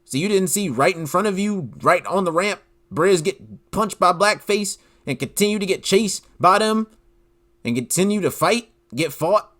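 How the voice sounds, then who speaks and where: A man hosting a solo commentary podcast, talking in an animated, incredulous way and filling his speech with "like". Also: high-pitched, normal speed. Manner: animated, incredulous, leans heavily on "like". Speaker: podcast host.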